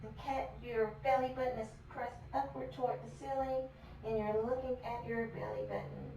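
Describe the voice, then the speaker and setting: Woman, kids yoga teacher, gentle and encouraging, echoey room, mic far away, faint background hiss. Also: on the high side, gravelly. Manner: gentle, encouraging, repeats praise often. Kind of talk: guided yoga class for children.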